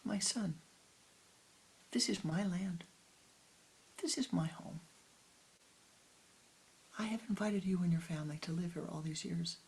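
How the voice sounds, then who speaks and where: A woman voicing a calm, wise old grandfather who speaks gently but firmly to his son. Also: fairly low pitch, unhurried, long pauses, slightly rough, exaggerated voice. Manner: gentle, firm.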